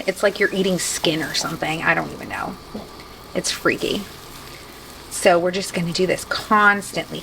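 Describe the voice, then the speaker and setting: A woman's voice: mid-range voice, fairly bright tone, a little hiss or hum, rough recording. A woman hosting a casual cooking demonstration in a home kitchen, chatty and self-deprecating with joking asides. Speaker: cooking show host.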